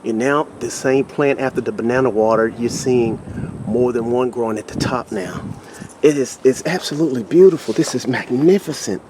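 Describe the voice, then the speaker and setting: A man with a Texan drawl showing his garden, talking in an excited, stumbling way and repeating himself, recorded outdoors on a handheld camera. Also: medium pitch, normal speed, noisy background. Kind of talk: casual walk-through vlog.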